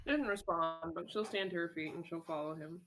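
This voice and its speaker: A woman's voice: on the low side, brisk. A young woman playing a tabletop game, talking bluntly and swearing freely. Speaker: player. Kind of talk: casual tabletop game talk.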